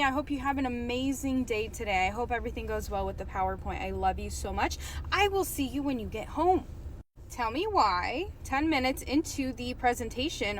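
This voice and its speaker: A woman's voice: high voice, a bit bright, a little hiss or hum. A woman telling a personal story in a casual, dramatic and sarcastic way.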